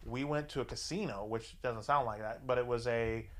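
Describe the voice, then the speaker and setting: A man's voice: medium pitch, moderate pace. A man casually telling crude anecdotes on a podcast, acting out the dialogue and laughing often. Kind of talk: casual storytelling chat.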